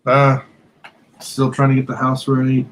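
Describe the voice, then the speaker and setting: Brief: male guest, a bit under the weather, low-key, laptop mic with faint hiss and echo. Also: monotone, unhurried, fairly bright tone. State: feeling unwell. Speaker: podcast guest. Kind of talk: casual chat. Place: echoey room in a half-packed house. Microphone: laptop microphone.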